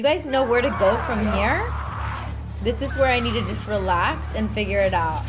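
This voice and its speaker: A woman streamer reacting out loud to her gameplay, exclaiming in panic and talking to her viewers. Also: fairly high pitch, moderate pace, slight background noise. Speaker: video game streamer. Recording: loud game music behind. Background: game music and sounds.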